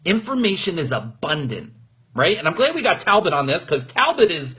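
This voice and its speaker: A man who coaches business owners, giving an energetic, emphatic motivational talk on a livestream from his room. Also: fairly high pitch, fairly quick, slightly rough. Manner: energetic, emphatic, gets emotional.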